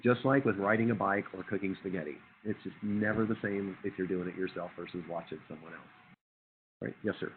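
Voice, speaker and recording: Hoarse lecturer with a low, tinny voice. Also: male voice, fairly even intonation, a little fast, background noise. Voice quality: husky radio voice. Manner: conversational, jokey, quizzes the class. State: hoarse from a chest cold. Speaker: university lecturer. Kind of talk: classroom lecture.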